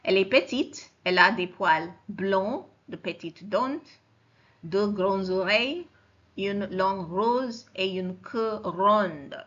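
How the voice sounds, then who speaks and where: A woman teaching French in a recorded lecture, explaining slowly, repeating forms and checking that students follow. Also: mid-range voice, a bit bright. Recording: dull lo-fi recording.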